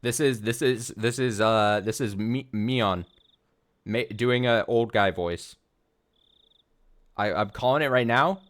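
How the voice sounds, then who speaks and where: Hosting a let's play, a man reads a visual novel aloud, rambling excitedly and paranoidly between lines. He speaks at medium pitch, slowly, with long pauses.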